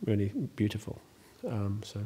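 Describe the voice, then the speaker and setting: A man's voice: fairly low pitch, little pitch movement, moderate pace, mellow, breathy edge. A man, the host, talking casually in an interview, rambling and chatty with many ums and restarts. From Ireland. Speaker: host and estate owner.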